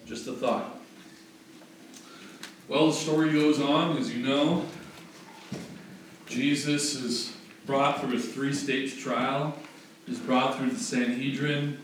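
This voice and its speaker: This medium-pitched, somewhat bright male pastor delivers his sermon in a conversational way, fixing his own wording mid-stream and rising into forceful rhetorical questions. It was captured from a distant mic in a heavily reverberant room with a little background noise.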